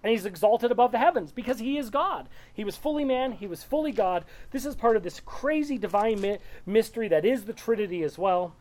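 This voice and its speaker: A woman's voice: a little high, animated, brisk, few pauses, a little mellow. A woman leading a small-group Bible study, reading verses aloud and explaining them in a loose, conversational way.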